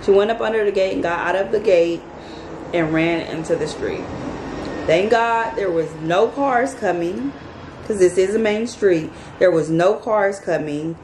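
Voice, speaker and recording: A woman's voice: medium pitch, measured pace. Chatty woman vlogger in an echoey room. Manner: animated, chatty, addresses viewers as y'all. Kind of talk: casual storytelling to viewers. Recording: echoey room, faint background noise.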